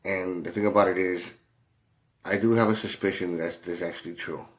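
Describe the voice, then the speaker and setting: A man telling a rambling story in a casual way, halting often, with many fillers and restarts and a lot of swearing. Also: deep voice, fairly even intonation. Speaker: commentator.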